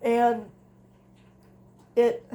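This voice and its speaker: A woman's voice: fairly high pitch, completely flat delivery, extremely slow, mellow. A woman, older, talking candidly and emotionally about her grief in a personal vlog from home, rambling with restarts. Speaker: grief vlogger. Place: at home, indoors. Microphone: device camera.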